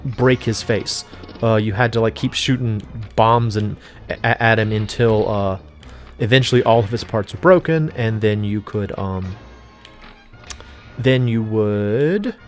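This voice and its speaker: A man talks casually over a video game, wandering off topic, forgetting what he was saying and filling gaps with ums and likes. His voice sits at an ordinary middle pitch. Soft game music plays faintly behind him. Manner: rambling, forgetful, many fillers. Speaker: let's play host. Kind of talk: casual gameplay commentary.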